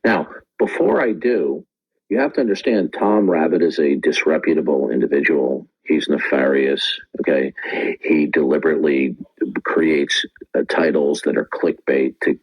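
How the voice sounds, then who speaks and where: A man hosting a live online call-in debate, talking forcefully, often interrupting and tagging lines with "okay?". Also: very deep voice, rough recording. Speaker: debate room host.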